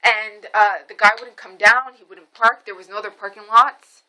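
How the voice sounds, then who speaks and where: Bright-voiced woman vlogger telling a story. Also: mid-range voice, moderate pace, low-quality recording. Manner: animated, swears freely. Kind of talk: casual storytelling to camera.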